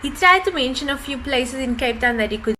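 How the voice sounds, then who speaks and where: A woman's voice: high voice, animated, a little fast, bright, forceful tone, slight background noise. A woman with a South African accent, a customer service agent, telling an anecdote in a matter-of-fact way. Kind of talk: storytelling to camera.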